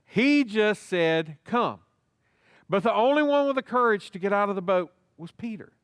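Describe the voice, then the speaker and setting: A man's voice: high-pitched, a bit bright, clear, resonant tone, no room sound, studio quality. A male pastor preaching a sermon in a church, talking to the congregation and acting out little dialogues. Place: church sanctuary.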